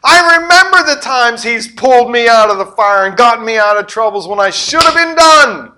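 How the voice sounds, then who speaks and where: A middle-aged pastor preaching with a high, bright voice that leaps all over its range. He tells the story dramatically, swinging from loud outbursts to hushed asides. His tone is sharp and forceful. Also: moderate pace. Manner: animated storytelling, acting out voices and sound effects; swings between loud exclamations and quiet asides. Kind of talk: sermon.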